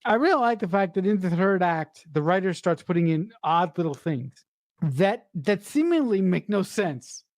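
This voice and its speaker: A woman co-hosting a podcast in casual chat, excitable and profane, often stumbling over restarts. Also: on the low side, normal speed, no echo. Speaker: podcast co-host.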